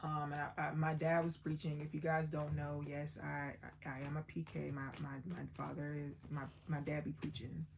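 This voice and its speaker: A woman's voice: low voice, flat delivery, normal speed, vocal fry, hardly any pauses, a little mellow, a little hiss or hum. A woman hosting a live stream, casually and emotionally retelling a sermon in slang, often repeating herself. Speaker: livestream host.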